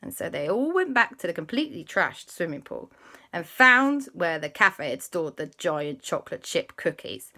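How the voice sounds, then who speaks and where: A woman spins a silly children's tale aloud, her voice bright and sparkling. She narrates with a lively, sing-song lift. The telling feels playful and improvised. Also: normal speed. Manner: animated, voices characters with big pitch jumps. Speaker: children's storyteller. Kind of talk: improvised bedtime-style storytelling.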